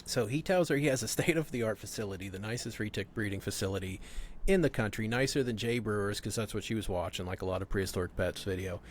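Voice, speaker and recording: A man's voice: on the low side, fast, a little hiss or hum. A man in casual conversation, telling stories with frequent laughter and swearing. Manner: laughs often, profane storytelling. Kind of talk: casual chat.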